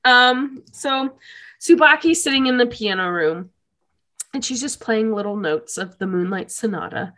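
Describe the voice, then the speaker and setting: Young woman gushing thru an anime recap, chatty and animated, laughs a lot. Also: fairly high pitch, a little slow. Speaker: podcast co-host. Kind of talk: casual anime recap chat.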